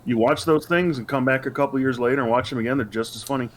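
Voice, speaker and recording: Halting male podcast co-host. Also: mid-range voice, slight background noise. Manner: halting, restarts often, retells comedy bits. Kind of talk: casual chat. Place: remote video call.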